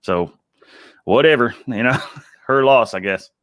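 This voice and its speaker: A man's voice: mid-range voice, a little slow, a bit bright, no room sound, clean studio sound. A man from Texas, a guest on a live video chat, joking around and laughing often. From Texas, United States.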